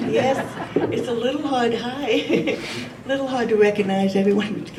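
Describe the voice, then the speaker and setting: An older woman telling a personal memory to a gathering, gentle and reflective, laughing at times. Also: fairly high pitch, very noisy. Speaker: speaker sharing a memory. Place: meeting room. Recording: roomy hall audio from a distant mic.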